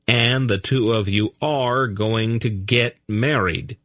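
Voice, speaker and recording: A man voicing a brisk, impatient young king who gives orders and dry, sarcastic remarks. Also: mid-range voice, steady tone, a bit bright, dry recording, voice pushed up. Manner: brisk, dryly sarcastic, commanding.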